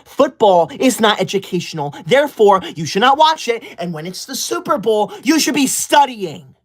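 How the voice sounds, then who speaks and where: A livestreamer reading viewer super chats in an over-the-top teacher's-pet persona, bossy and indignant, quick to scold viewers and kick them out. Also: mid-range voice, sing-song. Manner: prim, rule-enforcing and self-important.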